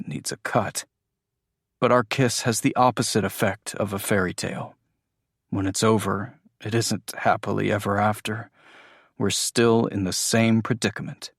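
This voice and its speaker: A man's voice: on the low side, no echo, clean studio sound. A man narrating a first-person audiobook in an intimate, emotional storytelling manner.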